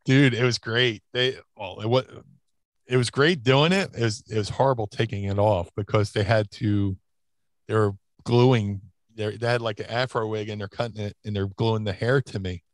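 A man's voice: lowish voice, fairly even intonation, moderate pace, no echo. A man in a casual interview, telling stories in a rambling way with many restarts and fillers. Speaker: interview guest, former wrestler. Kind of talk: casual storytelling.

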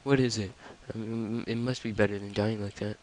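A man's voice: fairly low pitch, fairly even intonation, brisk, noisy background, natural voice. A man voicing a grieving young man in a game, speaking in a pleading, anguished way.

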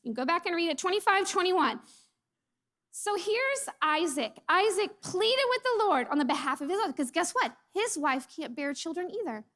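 High-voiced expressive woman preacher. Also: moderate pace. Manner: expressive, acts out quoted lines, drops to soft near-whispers. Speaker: mother. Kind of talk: sermon.

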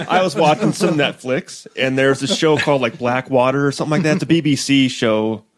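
A man's voice: medium pitch, brisk, a little hiss or hum. A man co-hosting a casual podcast, telling a story in a rambling way with stumbles and fillers.

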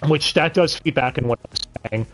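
A man's voice: a little high, moderate pace, fairly bright tone, soft background music. A man hosting a casual podcast review, blunt and swearing, with sudden bursts of disbelieving exclamation. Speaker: podcast host reviewing an anime dub.

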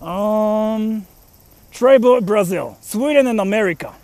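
A man's voice: high-pitched, slow, a little mellow, no room sound. A young man, a freelance translator and voice actor, chatting casually and rambling as he walks outdoors to a station, speaking into a handheld phone. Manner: rambling, with fillers and self-questioning. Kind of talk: casual vlog talk while walking. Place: outdoors on a street, walking to a station.

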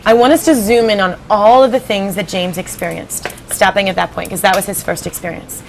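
A woman teaching fifth graders in a classroom, giving clear directions and prompting students for answers. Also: medium pitch, expressive, brisk, faint music behind, poor audio. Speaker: 5th grade writing teacher. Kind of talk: classroom teaching and read-aloud.

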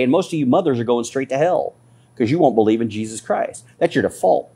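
A male pastor delivers a fiery sermon and scolds his listeners with rising passion. His voice is husky and a little breathy, and it sits at an ordinary male pitch before it climbs. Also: animated, fairly quick, mellow.

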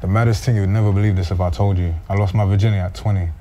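A man's voice: lowish voice, fairly even intonation, rapid-fire, warm tone, a little hiss or hum. A young man, raised in the Caribbean, telling brash, slangy stories as a guest in a casual chat.

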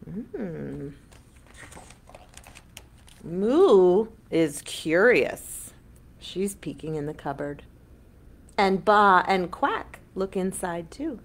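A woman hosting an online children's storytime as a librarian, reading a picture book aloud in an animated, sing-song way for young children. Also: lowish voice, extremely slow, vocal fry, pauses often.

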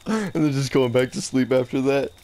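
A man's voice: mid-range voice, warm tone. A young man giving casual, joking gameplay commentary, laughing often. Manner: giggly, rambling and joking. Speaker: gaming commentator.

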